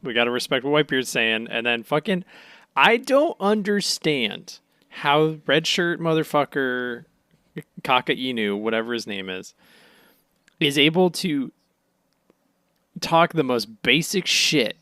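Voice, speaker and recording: A man's voice: fairly high pitch, big pitch swings, slow, long pauses, bright, forceful tone, dry recording, clean studio sound. A young man co-hosting a podcast in casual chat, laid-back and agreeable, dropping in sarcastic asides. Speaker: podcast co-host.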